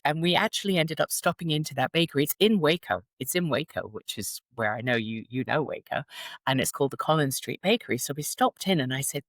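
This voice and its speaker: A woman's voice: a bass voice, brisk, dry recording. A British-accented woman in her sixties tells stories in a chatty interview, her voice swooping up and down with lots of expression. She laughs often as she talks. The sound is close and dry. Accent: British English. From England. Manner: animated storytelling, laughs often. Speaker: guest. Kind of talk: casual interview chat.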